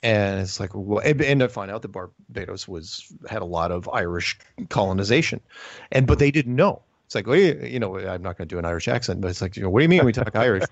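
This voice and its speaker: A man's voice: lowish voice, lively intonation, fairly quick, creaky, no room sound. A middle-aged man hosting a casual chat, rambling with lots of restarts. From United States. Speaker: podcast host. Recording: dull lo-fi sound.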